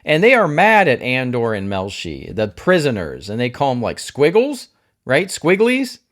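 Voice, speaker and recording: A man's voice: mid-range voice, sing-song, normal speed, fairly bright tone. A man giving a casual spoiler review of a TV episode. He thinks aloud, keeps asking himself questions, throws in jokey asides and gushes openly about the scenes he loves. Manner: openly emotional, gushing. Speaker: TV show reviewer.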